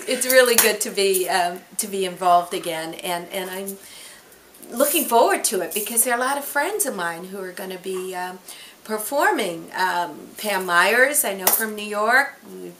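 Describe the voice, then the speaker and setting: A woman in her sixties, a stage actress, telling an anecdote in a lively storytelling manner, acting out the quotes. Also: medium pitch, vocal fry, noisy background. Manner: animated, acts out quotes.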